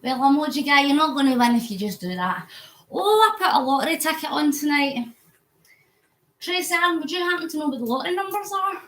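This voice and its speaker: A Scottish woman with a high, animated, brisk and slightly bright voice chats casually with viewers on a phone live stream from an exercise bike at home. She's a vlogger doing a charity cycle, reading out comments and getting sweaty as she pedals. The room sounds echoey.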